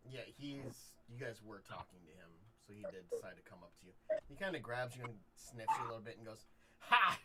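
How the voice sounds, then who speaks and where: A man's voice: medium pitch, fast, over a noisy crowd. A man narrating a tabletop game as game master, rambling a little with fillers. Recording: steady background noise.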